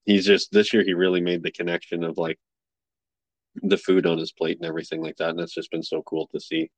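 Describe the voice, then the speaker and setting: A young man hosting a podcast in a relaxed, casual way, filling his talk with likes and you knows. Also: deep voice, brisk, no room sound. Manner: relaxed, many fillers, affirming. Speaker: podcast host. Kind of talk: casual chat.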